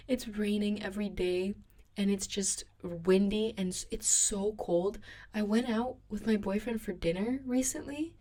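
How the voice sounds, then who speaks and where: With a mid-range, slightly mellow voice, a young woman rambles through a casual solo podcast chat from her bedroom. She's sleepy, her throat a little sick, and she pokes fun at herself as she goes.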